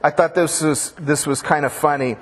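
Husky-voiced pastor preaching in a reverberant church. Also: male voice, a little high, steady tone, normal speed, fairly bright tone. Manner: casual and joking, slangy storytelling. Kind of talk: sermon.

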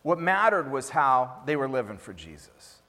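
A man's voice: medium pitch, sing-song, normal speed, sharp tone. A man pastor preaching a sermon, emphatic and repetitive, often acting out what others say. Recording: reverberant hall.

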